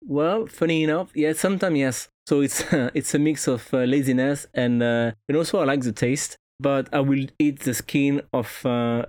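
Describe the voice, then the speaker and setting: A man's voice: mid-range voice, a little mellow, no echo, studio quality. Hesitant man with a French accent. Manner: hesitant, many fillers and restarts. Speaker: podcast guest. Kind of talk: casual chat.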